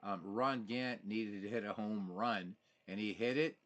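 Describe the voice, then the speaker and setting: A man's voice: on the low side, a little slow. A man hosting a casual live stream of a baseball sim, calling results and chatting with viewers as he reads their messages. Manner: chatty, reads chat messages aloud, excitable asides. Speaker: livestream host playing a baseball sim.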